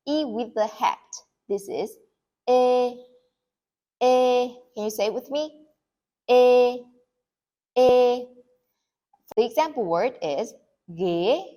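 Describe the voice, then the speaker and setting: A young woman tutor with a Vietnamese accent leads a pronunciation lesson. She speaks at an unhurried pace, in a medium voice, repeating each sound clearly so learners can follow along. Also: medium pitch. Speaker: language tutor.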